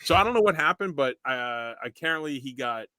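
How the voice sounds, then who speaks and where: A middle-aged man chats on a podcast in a bright, ringing voice, recorded close and dry. He rambles loosely through his stories, laughing and swearing along the way. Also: mid-range voice, lively intonation, a little fast, no echo. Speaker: podcast co-host. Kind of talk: casual chat.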